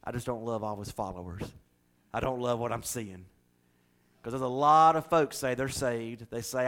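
A man's voice: mid-range voice, quick pace. A man preaching a sermon, telling homey stories with acted-out quotes and building to emphatic passages. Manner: folksy storytelling, acts out quotes, builds to loud preaching. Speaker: pastor.

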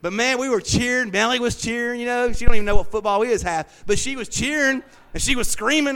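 A middle-aged man preaching an informal sermon and Bible study, folksy and conversational, swinging from hushed asides to loud, lively exclamations. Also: very high voice, a little fast, hardly any pauses, smooth. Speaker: pastor.

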